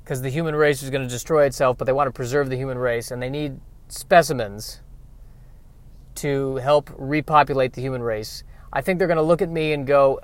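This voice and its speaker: A man's voice: medium pitch, fairly even intonation, a little fast. Rambling, self-deprecating male comedian. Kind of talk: stand-up comedy monologue.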